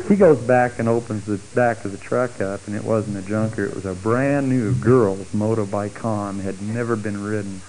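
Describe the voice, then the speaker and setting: A middle-aged man telling a personal testimony story, acting out the voices of the people in it with big jumps in pitch. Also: moderate pace, few pauses, a little hiss or hum, poor audio. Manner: animated, acts out quoted speech with big pitch jumps.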